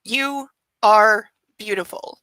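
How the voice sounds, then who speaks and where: Possessive brooding young rich man, intense murmur, read by a woman in her own voice; bright, dry sound. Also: a little high, normal speed, dry recording, poor audio. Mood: tender.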